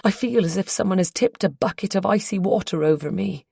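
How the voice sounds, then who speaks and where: A woman reading a first-person audiobook in a measured, intimate storytelling manner. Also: mid-range voice, vocal fry, dark tone, husky, no echo, studio quality. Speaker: audiobook narrator.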